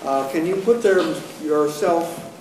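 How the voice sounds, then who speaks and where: A man acting as moderator, posing a measured question to a speaker. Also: on the high side, background noise. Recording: roomy and distant with faint ambience.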